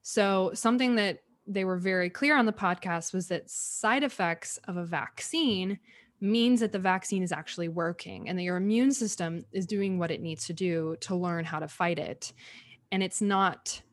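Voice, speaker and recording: A young adult woman co-hosting a podcast, explaining facts point by point in a measured, conversational way. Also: fairly low pitch, no room sound. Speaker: podcast co-host.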